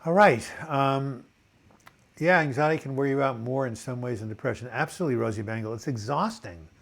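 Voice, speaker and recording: An older man with a dry cough hosts a relaxed live video chat. He has a mid-pitched voice and reads viewers' comments aloud as they come in. He breaks off into corny jokes between them. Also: a little fast, gravelly.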